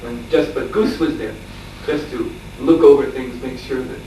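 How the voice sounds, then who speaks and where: The echoey lecture room of a farmstead, heard through a distant mic with faint hiss, holds a male monk lecturer telling a long anecdote in scripture class. His average-pitched voice moves at normal speed, relaxed and conversational, punctuated by chuckles and hesitant fillers.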